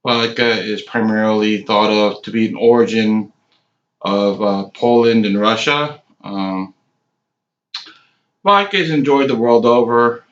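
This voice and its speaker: A man in his late forties giving a casual, rambling cigar review, halting often with ums. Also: on the low side. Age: 40s. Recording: echoey room, dull lo-fi sound.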